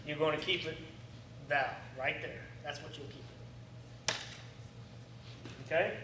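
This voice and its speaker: High-voiced firearms instructor in echoey room. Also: male voice, a little slow. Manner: animated, coaching, acts out student reactions. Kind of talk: classroom instruction. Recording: echoey room, distant mic, faint noise.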